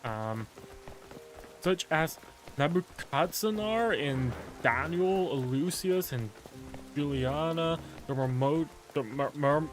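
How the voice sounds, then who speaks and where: A man's voice: fairly high pitch, animated, takes it slowly, faint music behind. A man chatting casually while streaming a game, rambling and musing aloud with lots of filler words.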